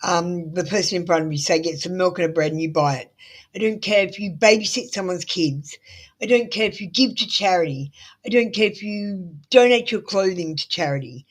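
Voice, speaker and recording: A woman's voice: fairly low pitch, brisk, poor audio. A middle-aged woman with an Australian accent doing a live tarot reading, blunt, motherly and swearing freely. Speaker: tarot reader.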